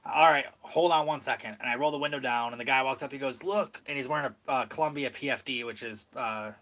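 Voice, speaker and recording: Bright-voiced Michigan man chatting casually. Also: medium pitch, fairly even intonation, quick pace. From Michigan, USA. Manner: rambling storyteller, says "like" often. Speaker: podcast host. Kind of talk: casual chat.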